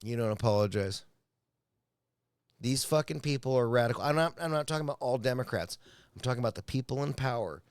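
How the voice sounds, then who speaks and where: A man's voice: mid-range voice, lively intonation, brisk, no room sound. Swearing man ranting in a dry room. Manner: profane, agitated, stumbles and repeats words. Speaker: vlogger reacting to a clip. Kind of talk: casual reaction rant.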